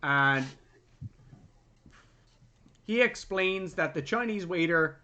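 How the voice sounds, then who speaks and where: A young adult man co-hosting a movie review podcast, casually and animatedly retelling scenes and jumping into loud voices for the characters. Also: sits high, lively intonation, slow pace. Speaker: podcast co-host.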